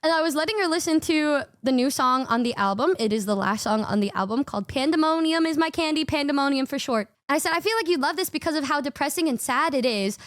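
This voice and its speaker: A young woman tells stories in a casual, slangy rush, swearing and laughing as she goes. Her voice sits high and bright. The sound is dry and close to the mic. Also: fast, few pauses, no room sound. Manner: excitable, swearing, slangy, laughs often, acts out quotes. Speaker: streamer telling trip stories. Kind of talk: casual storytelling.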